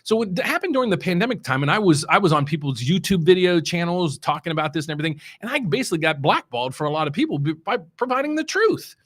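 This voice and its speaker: A man's voice: high-pitched, animated, quick pace, hardly any pauses, fairly bright tone. A middle-aged man from West Virginia, a mortgage loan officer hosting his show, talking in a loose, rambling way with many restarts and heavy stress on key words. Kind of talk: casual unscripted market commentary.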